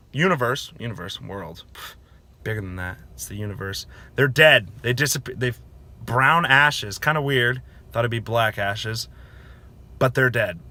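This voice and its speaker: A man talking casually in a movie review video, excitable and rambling with lots of slang. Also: mid-range voice, dry recording.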